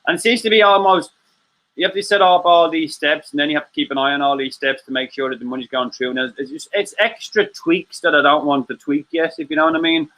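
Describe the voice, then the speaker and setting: A man's voice: on the high side, fairly even intonation, fast talker, pushed and bright, poor audio. A man, hosting a casual live-stream chat, sweary and rambling with lots of laughs. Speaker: host.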